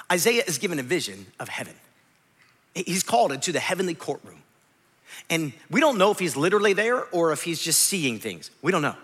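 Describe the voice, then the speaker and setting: A male pastor delivers a dramatic sermon in a high, lively voice that rises and falls widely. His tone is bright and forceful, dropping at times to a hush. A long hall reverb trails every phrase. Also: husky. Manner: dramatic, swinging between loud bursts and hushed lows.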